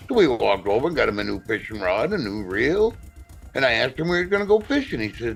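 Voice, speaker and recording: A man's voice: medium pitch, sing-song, fast talker, creaky, faint music behind. A man telling a long joke on a casual live-streamed talk show in a folksy storytelling way.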